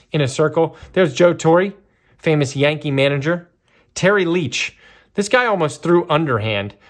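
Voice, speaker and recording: A man giving casual, chatty commentary while opening a box of trading cards, with lots of fillers and bursts of excitement. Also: on the high side. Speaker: card breaker.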